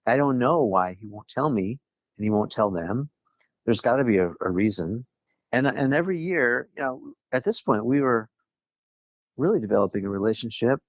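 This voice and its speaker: A man's voice: medium pitch, animated, normal speed, no room sound. A man from Southern California, a podcast guest, telling a personal story in a chatty way, quoting conversations and laughing lightly now and then. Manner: chatty, quotes others, frequent light laughs. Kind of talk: casual interview storytelling.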